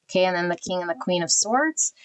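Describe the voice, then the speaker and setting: A woman's voice: fairly low pitch, lively intonation, fast, poor audio. Rambling woman reading tarot cards. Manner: rambling, lots of fillers, self-corrections. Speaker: tarot reader. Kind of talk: casual intuitive tarot reading.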